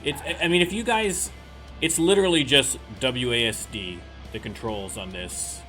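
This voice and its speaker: With game music playing behind him, a Canadian-accented man from southern Ontario hosts a let's play, offering casual, self-mocking commentary. His voice is mid-range with a sharp tone and a moderate pace.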